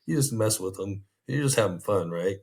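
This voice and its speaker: A man's voice: lowish voice, expressive, normal speed, gravelly, darkish tone, slightly rough. A man, a former prison guard, telling rambling, easygoing anecdotes in an interview, full of restarts and fillers.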